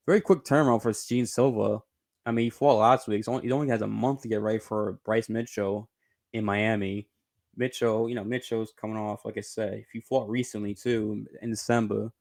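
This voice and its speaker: A man's voice: steady tone, normal speed, a little mellow. Rambling man giving casual fight commentary. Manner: rambling, self-correcting, bursts into high giggling laughter; swears casually. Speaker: sports channel host.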